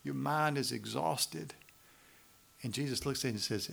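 A man's voice: medium pitch, normal speed, creaky, a bit bright. A man with a Southern US accent preaching a sermon in a conversational, pleading way, often asking the audience questions. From Macon, Georgia, US South. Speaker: pastor.

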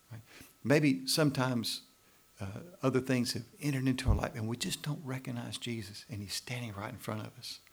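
Gravelly-voiced male pastor preaching. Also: mid-range voice. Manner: lively, rising to loud emphasis with many "right?" asides. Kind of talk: sermon.

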